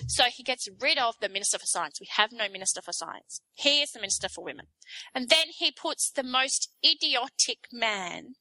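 An Australian woman talks casually with a bright, ringing tone that sits a little high. She tells an animated story and slips into mock voices for the people in it. The sound is dry and close. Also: moderate pace, no room sound, poor audio. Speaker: guest explaining local politics. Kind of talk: casual chat.

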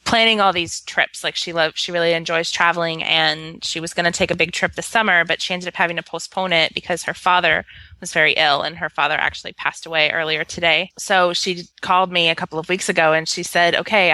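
Low, bright-toned woman, dry sound. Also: no echo, low-quality recording. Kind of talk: casual group chat.

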